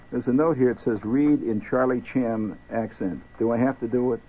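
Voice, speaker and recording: A man's voice: medium pitch, normal speed, few pauses. A man hosting a late-night radio show, rambling wryly and talking straight to his listeners. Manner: wry, meandering, talks straight to listeners. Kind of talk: rambling ad-libbed radio talk. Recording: tinny old radio broadcast with faint hiss.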